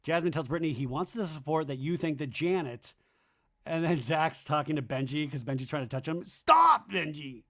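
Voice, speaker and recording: A man hosting a podcast, recapping a reality show in a comedic monologue and acting out the cast's lines in shrill, exaggerated voices. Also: a little fast.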